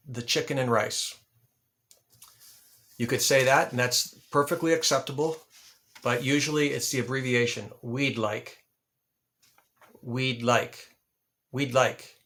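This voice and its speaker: Male ESL teacher, channel host; mid-pitched, patient, deliberate delivery with repeated examples. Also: a bit bright. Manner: repeats example phrases slowly and spells out words. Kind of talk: slow, deliberate English lesson.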